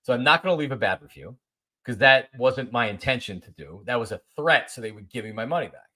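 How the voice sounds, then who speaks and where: A man in his forties, a podcast host, telling a story in a casual monologue, animated and repeating himself as he acts out both sides of a conversation. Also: mid-range voice, quick pace.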